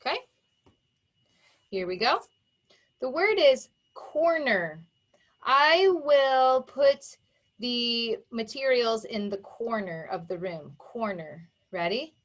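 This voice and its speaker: A woman phonics teacher who speaks at a deliberately slow, careful pace and sounds out each word in stretched-out pieces. Her voice sits a little high, and she leads young children through dictation with emphatic repetition and cheerful praise. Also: expressive. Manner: sounds words out slowly and emphatically, warm encouraging praise.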